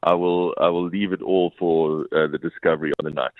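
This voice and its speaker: A man, a mayor answering radio interview questions, measured, with fillers and restarts. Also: sits low, fairly even intonation, dry recording. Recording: phone line.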